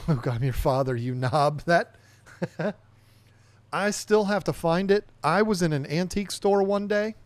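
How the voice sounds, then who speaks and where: A man hosts a casual livestream podcast, his voice pitched a little high and recorded dry and close. He rambles from topic to topic, reading viewer comments aloud and answering them as he goes. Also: smooth, no echo. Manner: rambling, reads viewer chat aloud and chats back.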